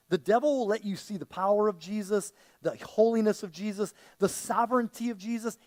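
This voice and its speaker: A man preaching a sermon as a pastor, speaking in a conversational, animated way, often repeating himself and acting out quoted voices. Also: sits high. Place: church sanctuary.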